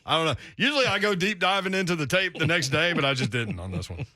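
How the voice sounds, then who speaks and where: A man's voice: on the high side, expressive, quick pace, bright, forceful tone, no echo, clean studio sound. A man hosting a sports radio show, upbeat and teasing while running the segments. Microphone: studio microphone.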